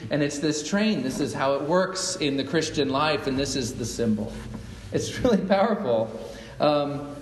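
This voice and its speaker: A man delivering a sermon in a church sanctuary, his voice a little higher than most men's. He talks conversationally and keeps asking the congregation questions. The sound is echoey, with a long hall reverb and faint background noise. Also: a bit bright. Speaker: pastor. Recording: echoey hall, mic at a distance.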